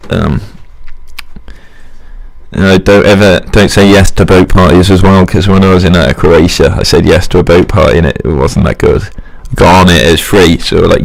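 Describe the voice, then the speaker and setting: A man's voice: low voice, steady tone, moderate pace, gravelly. A young man rambling through a casual solo monologue, self-mocking and chuckling at his own jokes.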